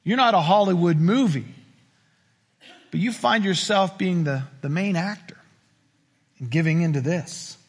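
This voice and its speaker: A man pastor preaching a sermon in a conversational style, acting out quoted lines, with a husky voice in a reverberant church. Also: sits high, a little slow, long pauses. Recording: reverberant hall.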